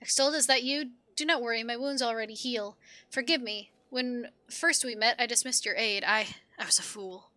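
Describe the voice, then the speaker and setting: Woman doing a soft faint injured young woman, halting and begging, bright tone. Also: on the high side, dry recording. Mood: pleading. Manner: hesitant, halting pleas. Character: young woman hiding wounded in a tent, pleading.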